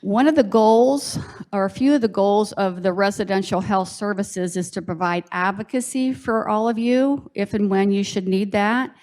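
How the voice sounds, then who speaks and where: A woman's voice: mid-range voice, normal speed, a little mellow. A woman from a residents' health services team giving a friendly, reassuring update at a town hall.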